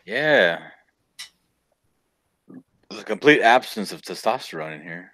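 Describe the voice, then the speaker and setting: A man's voice: fairly low pitch, big pitch swings, unhurried, bright, forceful tone. A man hosting a live art stream, trading teasing, mock-insulting jokes with friends. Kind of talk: casual live-stream banter.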